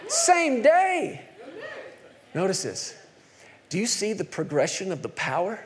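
A man preaching a sermon, retelling scripture stories with animated acted-out quotes. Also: high-pitched. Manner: animated storytelling, acting out quotes.

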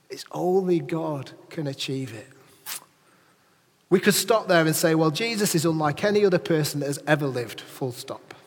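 A man preaching a lively sermon in a church, chatting with and questioning his congregation. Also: high-pitched, husky, big-room sound. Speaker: pastor.

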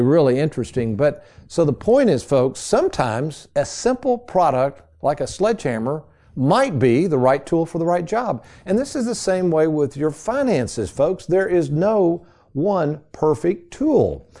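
This middle-aged man's voice is mellow and on the high side. Hosting a financial radio program, he tells folksy, chatty stories and keeps calling his listeners folks.

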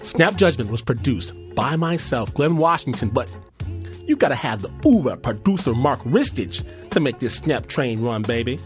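A man's voice: mid-range voice, animated, normal speed, soft background music. A man hosting a radio story show and telling a vivid, dramatic personal story. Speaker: host and storyteller.

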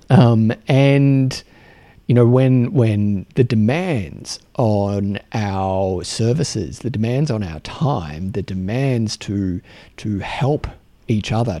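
A man with an Australian accent hosting a solo podcast, talking earnestly and haltingly with many restarts and repeated words. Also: on the low side, dark tone, no echo. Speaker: podcast host.

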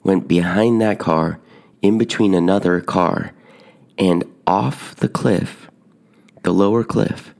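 A man casually telling a personal story on a podcast, building suspense with hushed moments. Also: low-pitched, takes it slowly, creaky. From Tucson, Arizona. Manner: animated, drops to hushed whispers at dramatic moments. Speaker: podcast host telling stories.

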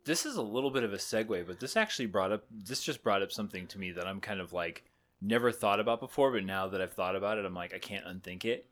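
A man co-hosting a casual podcast, sleep-deprived and rambling in energetic rants full of fillers. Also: fairly low pitch, fast talker. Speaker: podcast co-host.

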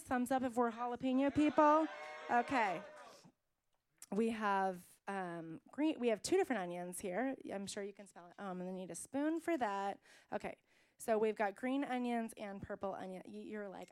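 A woman's voice: a little high, measured pace, clear, resonant tone. A young adult woman preaching a sermon, emphatic and rousing in places, chatty and playful while she cooks at a kitchen table. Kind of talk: sermon with cooking demonstration.

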